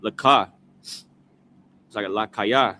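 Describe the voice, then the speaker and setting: Male scripture reader, bright-toned, slow and halting, sounds out words piece by piece. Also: lowish voice, a little hiss or hum. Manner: halting, sounding out words, repeating after a prompter. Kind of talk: reading scripture aloud syllable by syllable.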